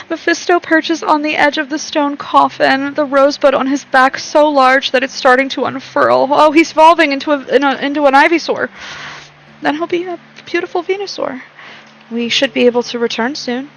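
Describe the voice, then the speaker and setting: A woman's voice: sits high, steady tone, moderate pace, creaky, fairly bright tone, low-quality recording. Gushing young woman reading a game aloud. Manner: chatty, rambling, laughs often, gushing. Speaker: game streamer. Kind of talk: reading game text aloud with casual commentary.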